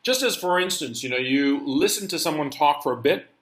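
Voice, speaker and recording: Rambling man, fairly high voice, roomy echo. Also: lively intonation, a little fast, fairly bright tone. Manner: rambling, digressive, conversational. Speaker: channel host. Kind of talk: casual storytelling monologue.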